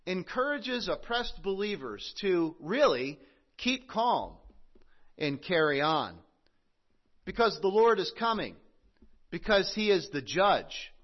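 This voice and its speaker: A man preaching a sermon, earnest and measured, with emphatic pauses. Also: fairly high pitch, muffled recording. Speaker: pastor.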